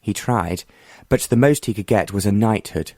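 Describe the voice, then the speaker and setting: A man voicing a bold, determined young woman who speaks frankly and confidingly, in a mid-pitched voice with little room sound. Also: normal speed, a little mellow, dry recording, studio quality, natural voice.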